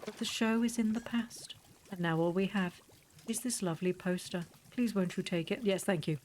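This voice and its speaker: A woman reading a gentle, formal male tea shop keeper from a video game, in quaintly stilted phrasing. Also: mid-range voice, moderate pace, a little hiss or hum, close to an everyday voice. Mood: earnest.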